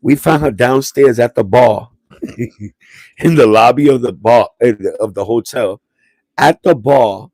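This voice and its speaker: A man's voice: mid-range voice, slow pace, darkish tone, dry recording. A man from Puerto Rico hosting a livestream and telling a family story in a rambling, streetwise way, restarting his sentences and dropping slang. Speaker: livestream host.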